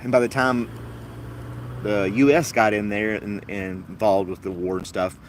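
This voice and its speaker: A man's voice: fairly low pitch, steady tone, moderate pace, slight background noise. A man hosting a casual podcast chat, rambling and wry, laughing at his own jokes. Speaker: podcast host.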